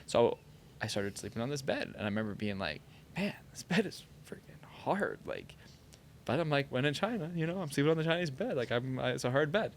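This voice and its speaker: Man, podcast guest, animated storyteller, mid-range voice, says "like" a lot. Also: mid-range voice, fast, slight background noise. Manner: animated storyteller, heavy use of "like". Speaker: podcast guest, former pro soccer player. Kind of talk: casual storytelling chat.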